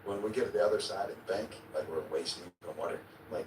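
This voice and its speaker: A man's voice: sits low, fast talker. A man being interviewed, telling a vivid story in a casual way, acting out his own quotes and now and then swearing or chuckling. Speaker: interview guest. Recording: echoey, distant, noisy replayed clip.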